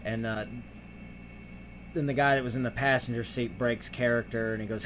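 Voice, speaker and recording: A man's voice: fairly low pitch, level tone, moderate pace, noisy background. Rambling man retelling a film plot. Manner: rambling, filler-heavy, acts out the characters' lines. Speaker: host. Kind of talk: casual film review.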